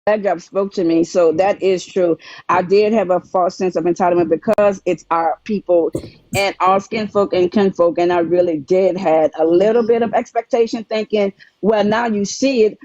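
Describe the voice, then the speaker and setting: A woman on a livestream talking earnestly and haltingly, restarting and repeating her words. Her voice comes through muffled and lo-fi, with a dry, close sound and no room echo. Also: mid-range voice, darkish tone. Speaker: livestream guest. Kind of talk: casual chat.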